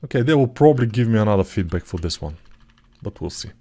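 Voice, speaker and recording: Low-voiced man thinking aloud while sculpting. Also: fast. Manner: relaxed thinking aloud, self-deprecating. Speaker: 3D artist tutor. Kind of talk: live commented sculpting tutorial.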